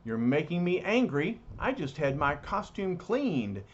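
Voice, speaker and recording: Man reading a cocky giant hero who quips, husky, slow. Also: fairly high pitch, big pitch swings, lo-fi sound, exaggerated voice. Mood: wisecracking. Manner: wisecracking. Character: boastful giant male superhero, joking.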